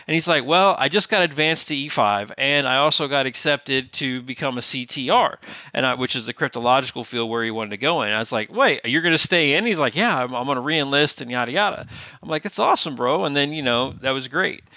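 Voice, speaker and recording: A man's voice: medium pitch, brisk, no room sound. A middle-aged man telling a story in a casual interview. He acts out the dialogue of the people in it. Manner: lively storyteller who acts out quoted dialogue. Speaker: guest, Navy veteran. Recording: dull lo-fi remote audio.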